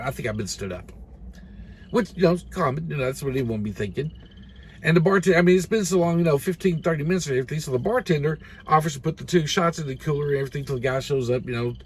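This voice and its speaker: A man's voice: fairly high pitch, slight background noise. A man retelling a story in casual, rambling speech, full of fillers like "you know" and "and everything.".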